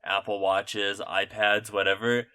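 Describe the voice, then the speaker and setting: A man's voice: lowish voice, little pitch movement, unhurried, pushed and bright, clean tone. A young man chatting on a podcast, telling stories in a rambling way with lots of fillers and casual swearing. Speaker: podcast host. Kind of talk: casual chat.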